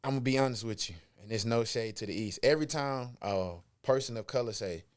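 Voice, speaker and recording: A man's voice: medium pitch, fast. Young guy on a podcast, chill slangy storytelling, medium voice. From Texas. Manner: animated storyteller, slangy and laid-back. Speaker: podcast guest, former football player. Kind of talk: casual storytelling chat.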